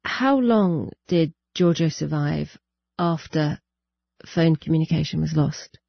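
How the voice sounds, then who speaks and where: A woman interviewing a guest, gently restarting her questions as she goes. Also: sits low, slow, vocal fry, no echo, muffled recording.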